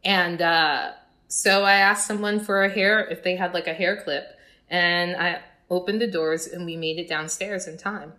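A middle-aged woman chatting casually as a guest, telling animated stories and acting out her younger self. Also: fairly low pitch, moderate pace. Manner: animated storyteller, acts out her past self. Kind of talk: casual podcast chat.

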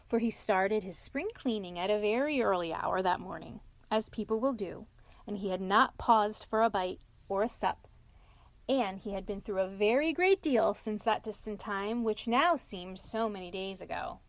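A woman narrating a classic animal storybook in a gentle, measured reading. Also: mid-range voice, dry recording.

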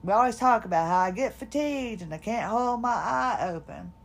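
With a slightly high voice, vocal fry and a fairly quick pace, a female podcast host tells a story from her own life. She is chatty and laughing and does animated impressions of what others said, though she is fatigued and struggles to get the words out.

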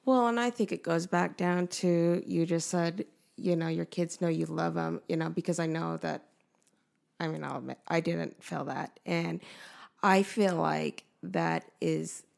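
A woman's voice: lowish voice, steady tone, unhurried, gravelly, darkish tone. A woman who is a baker, a guest on a podcast, talking candidly and reflectively in casual conversation.

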